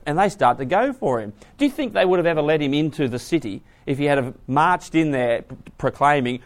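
A man preaching to a class, asking the audience questions and moving between hushed asides and loud emphasis. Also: on the high side, animated, fairly quick. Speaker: preacher teaching a Bible class. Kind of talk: sermon.

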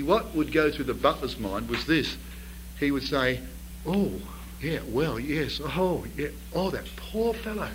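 Guy with a high voice preaching, telling the story, lots of rhetorical questions, faint hum behind. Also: poor audio. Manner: storytelling with rhetorical questions, builds to emphatic bursts. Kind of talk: sermon.

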